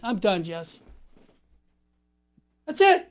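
A man's voice: very high-pitched, expressive, normal speed, pauses often, a little mellow. A man on a Catholic radio show, talking in an emphatic, fiery and preachy way. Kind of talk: impassioned casual talk.

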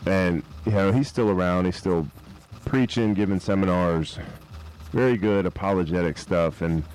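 Deep-voiced male host, relaxed. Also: normal speed, low-quality recording. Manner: relaxed, rambling with fillers. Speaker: host introducing clips. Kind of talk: casual commentary.

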